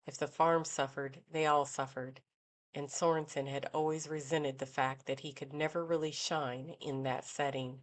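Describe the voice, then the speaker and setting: Low-voiced woman narrating a novel. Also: level tone, normal speed. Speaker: audiobook narrator. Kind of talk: scripted narration.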